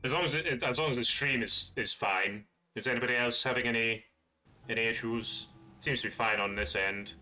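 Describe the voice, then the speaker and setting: A man's voice: medium pitch, brisk, pushed and bright. A man streaming a video game live, chatting casually and joking with viewers. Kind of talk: live gameplay commentary.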